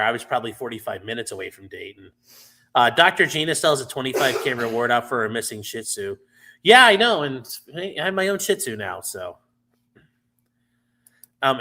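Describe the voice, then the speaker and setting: A man chatting loosely on a livestream, his bright, sharp voice bouncing all over in pitch. He rambles through viewer comments with plenty of fillers and the odd swear word, close to the mic. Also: big pitch swings, a little fast. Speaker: livestream host. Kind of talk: casual livestream chat answering viewers.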